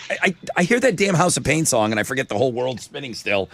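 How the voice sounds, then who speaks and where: A man's voice: mid-range voice, big pitch swings, fast talker, a bit bright, a little hiss or hum. A man hosting a radio morning show, chatting energetically and rambling as he jokes with callers. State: slightly out of breath. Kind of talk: casual radio chat.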